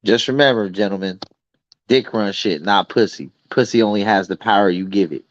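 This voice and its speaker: A man's voice: fairly low pitch, brisk, no room sound, muffled recording. A man hosting a late-night livestream chat, blunt and profane, acting out both sides of his arguments. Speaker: livestream host.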